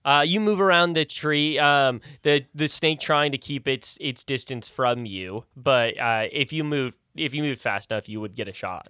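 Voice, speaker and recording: A man's voice: mid-range voice, normal speed, few pauses, pushed and bright, clean tone, no room sound, studio quality. A man narrating a tabletop game as game master, hesitant and full of fillers. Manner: hesitant, lots of uh and um.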